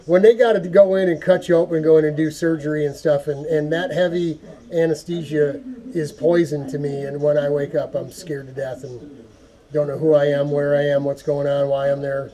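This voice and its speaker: A man giving an earnest, folksy prayer talk to camera, halting and repeating words as he goes. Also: a little high, flat delivery, dark tone. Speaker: go-kart hobby vlogger.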